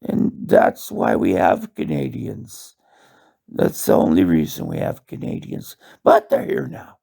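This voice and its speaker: A man with a very husky, raspy voice wanders through a comic monologue, stuffing it with fillers and swearing. His pitch swings widely from one phrase to the next. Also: huge pitch swings, measured pace, dark tone. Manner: meandering, profane, full of fillers. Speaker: monologue host.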